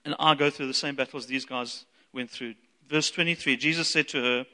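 A man preaching a sermon as a pastor, animated and acting out the voices he quotes. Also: fairly high pitch, a little fast. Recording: long reverb of a large hall.

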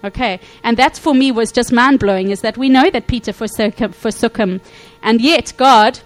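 A woman preaching a sermon in a fairly high voice. She is animated and acts out scripture scenes. She checks in with her listeners as she goes. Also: moderate pace, poor audio. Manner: animated, acts out quotes, frequent "okay?" check-ins.

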